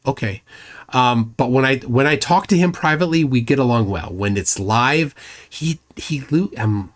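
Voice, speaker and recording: A man's voice: mid-range voice, expressive, normal speed. A man hosting a casual live stream, rambling with many fillers and restarts and making mocking asides. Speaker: livestream host.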